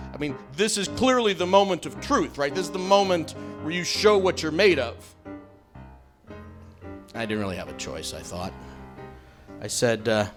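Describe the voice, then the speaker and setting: A middle-aged man telling a self-mocking comic story on stage in a wry, animated way. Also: high-pitched.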